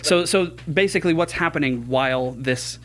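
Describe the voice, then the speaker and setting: A man's voice: fairly high pitch, moderate pace, fairly bright tone. A man running a tabletop game as game master, narrating earnestly. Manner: earnest, chokes up while narrating.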